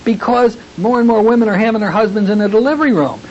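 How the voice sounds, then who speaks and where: A man's voice: high voice, a little mellow. Man lecturing on hypnosis on dull tape. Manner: folksy, demonstrates suggestions in a slow soothing tone. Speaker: hypnotherapy instructor. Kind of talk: recorded training lecture. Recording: dull lo-fi tape with faint hiss.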